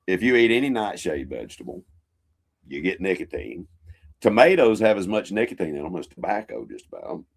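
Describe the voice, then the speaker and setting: A man's voice: low voice, very animated, a little fast, gravelly, breathy edge. A man co-hosting a casual livestream, folksy with short agreeing replies and wry asides. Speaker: co-host.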